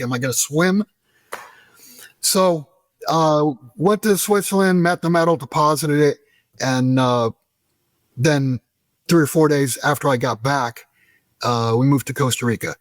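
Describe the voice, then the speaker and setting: A middle-aged American man telling a story as an interview guest, animated and profane, acting out the dialogue. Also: a little high, a little slow, long pauses, no room sound. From United States.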